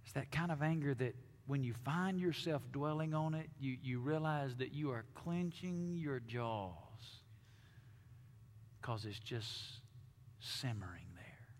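Pastor guy preaching, goes quiet then builds up loud, big church echo. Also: a little high, moderate pace, few pauses. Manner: dynamic preaching, drops to hushed tones then swells loud. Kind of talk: sermon. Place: church sanctuary.

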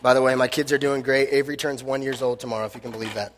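A man preaching a sermon and telling the story in an animated, joking way. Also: medium pitch, racing, long reverb tail, slight background noise. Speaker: pastor.

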